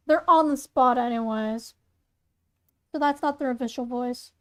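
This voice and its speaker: Pausing often, a woman speaks in a high, smooth, unhurried voice while hosting her channel. She reads her own spooky fan story aloud, sprinkling in chatty asides and frequently tripping over words before correcting them.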